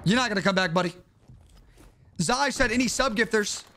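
A young man streaming a shooter game live, excitable and trash-talking in slangy chatter. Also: high voice, normal speed, noisy background. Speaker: gaming streamer.

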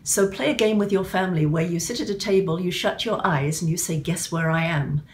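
A woman novelist reading from her own book in a gentle, measured storytelling manner, then giving writing tips. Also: fairly low pitch, a little hiss or hum.

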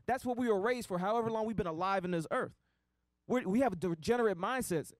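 A man with a high voice speaks up in a sermon. He urges the listeners on earnestly. The sound is dry and close. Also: quick pace, dry recording. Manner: earnest, exhortative. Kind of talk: impassioned sermon remarks.

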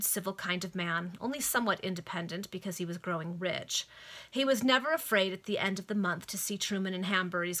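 A woman's voice: medium pitch, sharp tone. A woman reading a novel aloud to friends over a video call, narrating expressively with light amusement. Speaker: reader.

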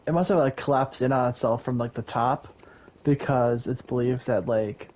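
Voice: mid-range voice, fairly even intonation, normal speed, a little mellow, muffled recording, a little hiss or hum. A player in a co-op game, talking hesitantly with many fillers in casual chat.

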